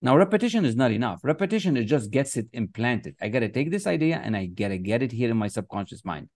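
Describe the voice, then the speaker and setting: Quick and sing-song, a success coach's mid-range, darkish voice comes through a clean, dry studio recording. He teaches his motivational class online, marking up the screen with a mouse, while emphatically repeating phrases and chanting affirmations.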